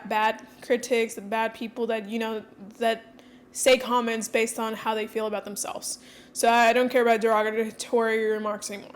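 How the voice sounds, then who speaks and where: A woman speaking candidly and quickly in a casual personal vlog, with frequent fillers. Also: a little high. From Mexican heritage. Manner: fast-talking, candid, many fillers. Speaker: coach and content creator.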